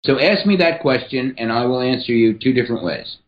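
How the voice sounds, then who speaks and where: A man speaking as a podcast guest and writer, explaining ideas in a measured, teacherly way. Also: medium pitch, expressive, dull audio. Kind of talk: explanatory interview talk.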